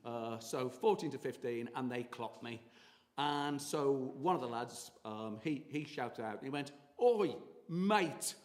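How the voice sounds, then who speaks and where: A man's voice: medium pitch, a little slow. A man from England, a tour guide and local historian, giving a chatty public talk full of fillers and anecdotes. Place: meeting hall. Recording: reverberant hall from far off.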